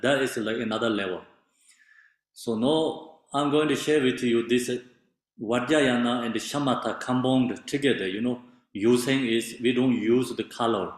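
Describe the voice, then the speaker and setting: A man teaching meditation in halting non-native English with many fillers, explaining patiently. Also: medium pitch. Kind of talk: meditation instruction. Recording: very echoey room.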